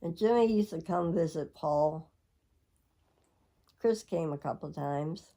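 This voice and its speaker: A woman's voice: deep voice, slow, mellow. A middle-aged woman telling a rambling, reflective personal story to her viewers. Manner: rambling, reflective, with frequent laughs. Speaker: vlogger.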